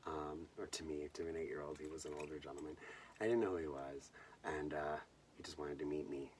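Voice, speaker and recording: A young man from Southern California hosting a bedtime movie vlog, telling a personal story in a soft, hushed way that often drops to a whisper. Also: rumbling low, steady tone, fairly quick, far from the mic, slight background noise. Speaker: host.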